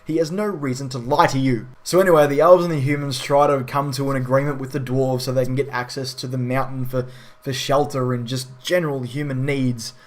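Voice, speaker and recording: A man's voice: mid-range voice, fairly even intonation, fairly quick. A man giving a casual spoken film review in a frustrated, ranting way with frequent swearing.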